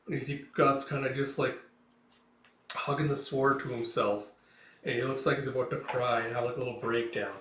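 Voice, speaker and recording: A man's voice: medium pitch, little pitch movement, normal speed, a bit bright, slight background noise. A man narrating a comic casually, with many fillers and reactions. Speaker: manga read-along host. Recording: roomy echo, distant mic.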